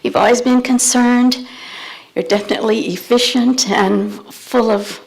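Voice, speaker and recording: A woman's voice: on the high side, steady tone, unhurried, poor audio. Older woman giving an emotional farewell. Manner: emotional, warm, self-deprecating. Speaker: retiring staff member giving thanks. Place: board meeting room with audience.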